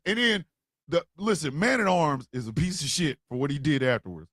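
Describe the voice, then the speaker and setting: A man co-hosting a casual podcast chat, talking with lots of profanity and loudly acting out quotes. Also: on the high side, animated, brisk, dry recording, studio quality. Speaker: podcast co-host.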